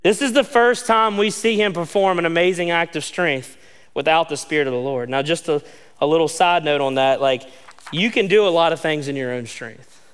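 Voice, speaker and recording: Man, sermon, casual and animated, raised pitch, smooth clear voice, long hall reverb. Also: normal speed. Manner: conversational, animated, many "like" asides, acts out quotes. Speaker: pastor.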